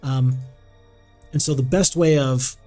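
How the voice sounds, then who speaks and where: A man's voice: medium pitch, steady tone, slow, warm tone. Chatty male streamer over game music. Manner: rambling, reads chat aloud, many fillers and restarts. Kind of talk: casual gameplay stream chat.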